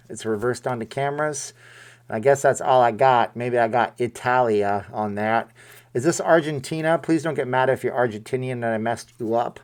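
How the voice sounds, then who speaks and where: Man, live-stream host, casual chat, jokey asides, home desk mic. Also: medium pitch. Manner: chatty, jokey, rambling asides to viewers. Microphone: desk microphone with webcam.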